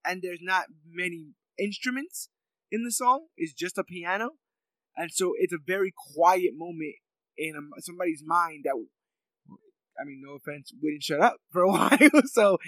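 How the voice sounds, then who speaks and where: A man's voice: high voice, no echo, poor audio. A man in casual chat, rambling with many fillers and laughs as he talks through a favorite scene.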